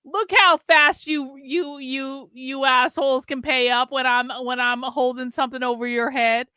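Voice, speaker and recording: A woman's voice: high-pitched, fairly even intonation, unhurried, pushed and bright, clean tone, no echo, studio quality. A tipsy woman hosting a casual livestream, swearing and teasing her viewers, slipping into a mock Southern drawl. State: tipsy from drinking beer. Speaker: livestream host.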